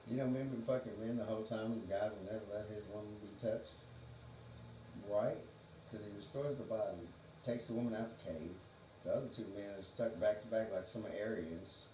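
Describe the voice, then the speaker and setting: Laughing often, this man hosts a livestream and drifts through a profane, free-associating monologue. His lowish voice is warm and fairly quick, while the audio sounds roomy and distant, with faint noise behind it.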